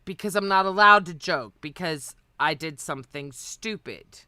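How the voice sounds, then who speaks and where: A woman's voice: lowish voice, moderate pace, pushed and bright, clean tone, no echo, studio quality. A woman on a livestream panel, talking earnestly and agreeing often in loose, rambling chat. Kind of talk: casual chat.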